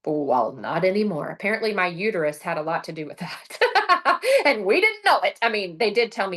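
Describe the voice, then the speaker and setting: A middle-aged woman giving a casual motivational talk over a video call. She tells her story with lively energy, acts out her own lines and often says "like" and "right?". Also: medium pitch, normal speed. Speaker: presenter sharing her sales story.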